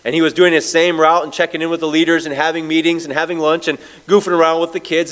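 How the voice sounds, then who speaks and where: A man pastor preaching a sermon, telling stories and slowing down to read scripture. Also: fairly high pitch, a bit bright. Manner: storytelling preacher, slows down on scripture.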